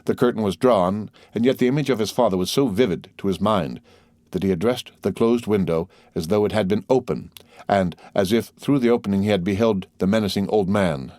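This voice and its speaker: An audiobook reader, a man with a voice on the low side, narrates a classic novel in a measured, even storytelling style. It's scripted narration with clean studio sound and no room echo.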